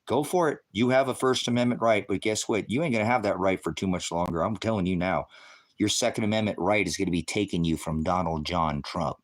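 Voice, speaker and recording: A deep-voiced middle-aged man talks a little fast as he rants on his livestream. Heated, profane and confrontational, he lectures the viewers and chat directly.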